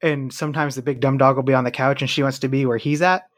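A man's voice: mid-range voice, steady tone, quick pace. A man chatting casually about his dogs, asking the others questions. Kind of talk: casual chat.

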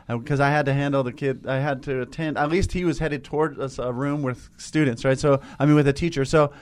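A man who works as a teacher, telling a story in a casual spiritual chat with many restarts and hesitations. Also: fairly high pitch. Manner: rambling, halting storytelling.

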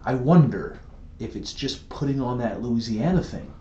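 A man's voice: mid-range voice, normal speed. Rambling podcast man, roomy dull sound. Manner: rambling, animated storyteller who laughs easily. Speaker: podcast co-host. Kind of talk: casual podcast chat.

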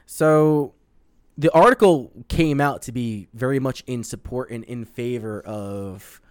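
A man with a medium-pitched, clean voice talks a little slowly, recorded with clean studio sound and no room sound. He's a podcast co-host chatting casually and profanely about gaming news, rambling and reading headlines aloud.

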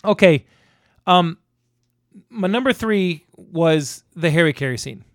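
A man co-hosting a casual film discussion, animated and laughing often as he acts out scenes. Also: a little high, takes it slowly, no room sound, studio quality. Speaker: podcast co-host.

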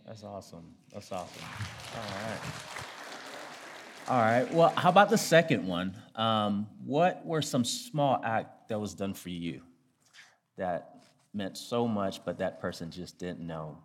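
A man's voice: lowish voice, lively intonation, unhurried, slight background noise. A man leading a church small-group discussion, encouraging people to share and answering with short, repeated affirmations.

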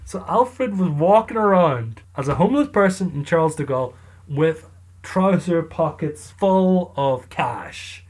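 This narrator tells the story casually in a wry, chatty way, using an ordinary mid-range voice with a darkish tone. The pace is unhurried and the intonation lively, with a loose, conversational style full of remarks aimed at the listener.

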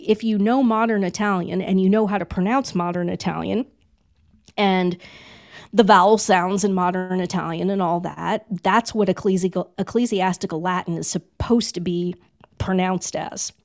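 A middle-aged woman talking on a casual podcast, her voice often dropping into a gravelly fry. She makes her points emphatically and repeats phrases to hammer them home. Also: mid-range voice, darkish tone. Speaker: podcast host.

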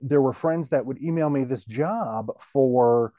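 A middle-aged man, a guest on the show, telling his career story in a relaxed, rambling way full of "you know" fillers. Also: medium pitch, a little slow, dry recording, lo-fi sound. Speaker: guest, TV station general manager.

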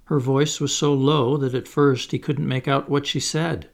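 A man narrating a children's storybook with an expressive, dramatic delivery that slows for suspense. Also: medium pitch, gravelly. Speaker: audiobook reader.

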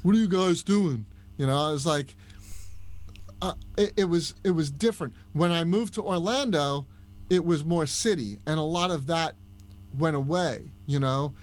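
A man with a Long Island accent, a podcast guest telling stories in a casual, animated chat. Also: fairly high pitch, normal speed. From Long Island, New York. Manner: storytelling, animated, with restarts. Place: Orlando, Florida.

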